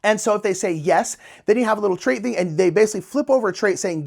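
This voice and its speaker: A man's voice: high voice, quick pace, vocal fry. Chatty, enthusiastic man, casual board-game vlog host, loose and filler-heavy.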